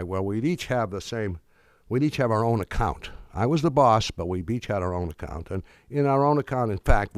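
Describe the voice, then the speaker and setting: A man's voice: fairly low pitch, dry recording. A man giving a public lecture in a conversational, storytelling way, acting out the dialogue he quotes.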